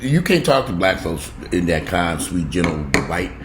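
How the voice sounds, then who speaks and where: Man, heated profane home rant, very animated pitch, echoey room with faint background hum. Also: moderate pace. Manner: heated, swearing, pitch jumping up when outraged. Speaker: vlogger.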